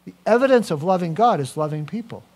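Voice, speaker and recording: A man preaching a sermon as a pastor, animated, swinging from quiet to loud with personal asides. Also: high-pitched, fast talker.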